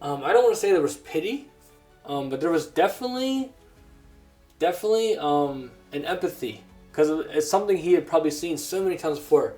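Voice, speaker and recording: Brief: grown man, earnest sermon testimony, halting restarts, slightly higher voice, faint music under. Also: lively intonation, darkish tone. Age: adult. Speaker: preacher.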